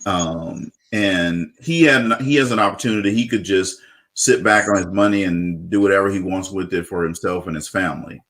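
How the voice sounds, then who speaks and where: A man with a low, deep voice hosts a casual interview. He talks in an upbeat, chatty way, leaning on fillers and restarting his sentences. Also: moderate pace, fairly bright tone. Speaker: show host.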